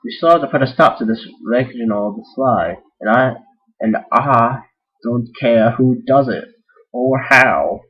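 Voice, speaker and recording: A man's voice: medium pitch, measured pace, breathy edge. A stern filly king, as a man puts her on. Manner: commanding, pounding the table. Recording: dull lo-fi recording.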